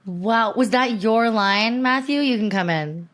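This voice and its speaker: A woman co-hosting a casual chat podcast, excitable and gushing, swearing casually. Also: fairly high pitch, measured pace, very noisy. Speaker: podcast co-host.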